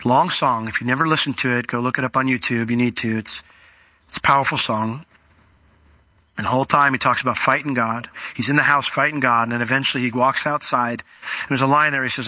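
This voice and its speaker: Animated bright-voiced male pastor preaching. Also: mid-range voice, fairly quick, dry recording. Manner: animated and emphatic, acting out dialogue with God. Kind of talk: sermon.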